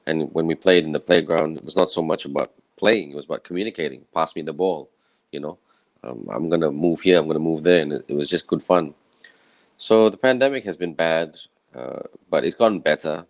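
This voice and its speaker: A man from Malaysia with a croaky, tired voice, giving an earnest, rambling personal talk from home. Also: extremely low pitch, fairly quick, no echo, low-quality recording. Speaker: event speaker. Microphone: own camera and microphone setup.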